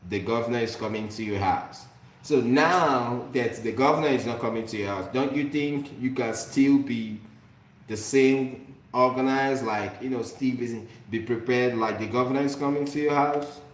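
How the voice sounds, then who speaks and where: A man's voice: mid-range voice, normal speed, slight background noise. Nigerian man, vlogger, preachy and repetitive, roomy echo. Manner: preachy, repeats phrases, slips into Nigerian Pidgin. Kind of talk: motivational cooking-chat monologue. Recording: echoey room with faint ambience.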